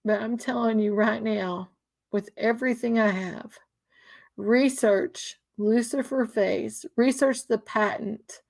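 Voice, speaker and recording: Woman, slightly high voice, casual and earnest, stumbles through restarts and repeats key phrases. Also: fairly even intonation, slow, gravelly, darkish tone. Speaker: speaker sharing religious views. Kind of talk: casual emotional monologue.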